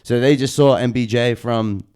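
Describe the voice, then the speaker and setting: A young man, a podcast co-host and wrestler, telling stories in loose, excited, profane casual chat. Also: medium pitch, normal speed, clean tone. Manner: loose, excited storytelling full of slang and swearing.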